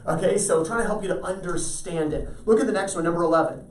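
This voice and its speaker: A man lectures a math class, talking through problems and checking in often to see if students keep up. He speaks fast in a high-pitched voice, sounding distant amid a roomy echo.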